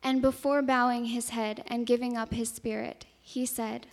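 Woman reading the good friday passages real slow, highish voice, long echo of a church hall. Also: level tone. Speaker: scripture reader.

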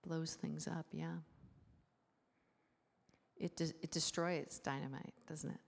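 A woman pastor giving a conversational sermon in a church. She talks in a lively way, asking the congregation many rhetorical questions. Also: low voice, takes it slowly, gravelly. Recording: long hall reverb.

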